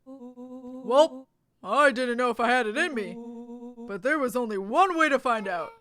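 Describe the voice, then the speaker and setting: A woman putting on the voice of a young kid on a spooky adventure, bouncy and excitable. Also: a little high, measured pace. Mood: excited.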